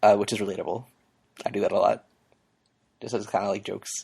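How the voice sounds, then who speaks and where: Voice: low voice, steady tone, fast talker, vocal fry, a little mellow, husky. A podcast co-host chatting casually about a webcomic, hesitating often with ums and uhs.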